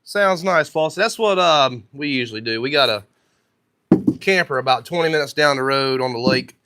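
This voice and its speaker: A man with a thick North Carolina Southern accent and a sore throat chats casually on a live stream, working in his workshop and answering viewers' comments. His voice is medium-pitched and animated at normal speed, over a noisy background.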